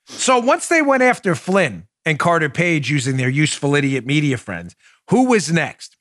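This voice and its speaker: A man hosting a political podcast, talking in a sarcastic, mocking way with loud bursts and muttered asides. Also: fairly high pitch, sing-song, normal speed, no room sound, clean studio sound. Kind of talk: opinionated solo commentary.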